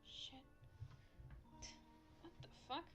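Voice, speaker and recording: A woman's voice: very slow, bright, forceful tone, soft background music. A woman streamer chatting casually over a game, ranting and swearing with many fillers. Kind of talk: casual gameplay chat.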